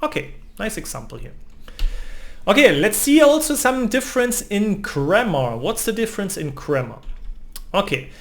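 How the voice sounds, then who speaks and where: A man's voice: high-pitched, big pitch swings, moderate pace, creaky. A man from Germany with a German accent, teaching a language lesson and often ending phrases with a questioning "no?". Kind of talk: explaining lesson.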